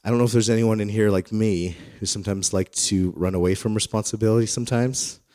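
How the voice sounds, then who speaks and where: A man in his thirties preaching a sermon through personal stories, in a conversational, self-deprecating manner that grows animated when he retells dialogue. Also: fairly low pitch, fast talker, no room sound, studio quality. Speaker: pastor. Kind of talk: storytelling sermon.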